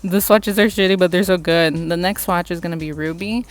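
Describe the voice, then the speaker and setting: A young woman vlogger casually reviewing makeup, gushing and excitable and swearing freely. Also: fairly low pitch, a little fast. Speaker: beauty vlogger.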